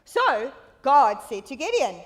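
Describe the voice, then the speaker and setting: A woman giving an animated children's Bible talk in a church, leading the children in call-and-response storytelling. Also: high-pitched, takes it slowly. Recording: echoey church hall.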